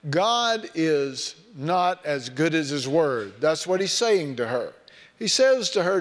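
A man's voice: a little high, expressive, measured pace. A man preaching a sermon in a folksy, storytelling way, mixing scripture with personal anecdotes. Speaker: pastor. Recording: long hall reverb.

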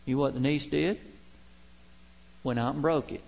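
An older man preaching a sermon as pastor, stressing key words by slowing down, with folksy humorous asides. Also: mid-range voice, vocal fry, a little mellow.

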